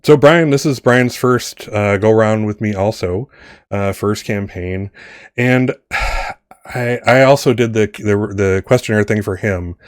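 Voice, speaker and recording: Low-voiced rambling game master. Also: male voice, measured pace, dry recording, clean studio sound. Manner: rambling, many restarts and swearing. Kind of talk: casual campaign wrap-up chat.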